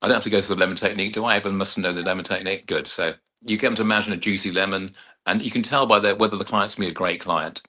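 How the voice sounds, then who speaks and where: A middle-aged man talks in a lowish but forceful, bright voice. He rambles through stories about his clients, slipping into their voices as he goes. It sounds like a relaxed interview chat. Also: racing. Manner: rambling storyteller who acts out client dialogue. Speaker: hypnotherapist and mind coach, guest. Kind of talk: casual anecdotal interview talk.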